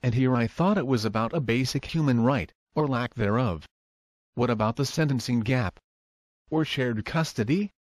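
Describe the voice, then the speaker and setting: A man's voice: medium pitch, moderate pace, dry recording, clean studio sound. Sarcastic man reading scripted commentary. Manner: sarcastic, answers quoted lines with rhetorical questions. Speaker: video commentator.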